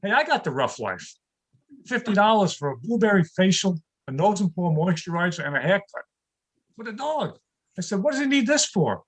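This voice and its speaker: An older man performs a stand-up comedy set over a video call, his voice sitting high. He lands deadpan one-liners about home life, each building to a punchline. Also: moderate pace, poor audio.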